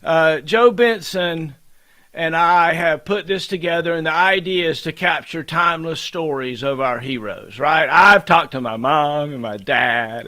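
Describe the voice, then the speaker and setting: An American man hosting a casual livestream chat, excited and rambling with many fillers. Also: a little high. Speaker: host.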